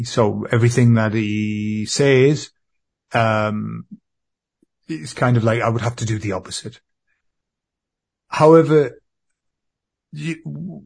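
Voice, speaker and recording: Gravelly, husky man. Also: medium pitch, a little mellow. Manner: earnest, repetitive, halting with restarts. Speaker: client in a therapy session. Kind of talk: emotional spoken address to an empty chair.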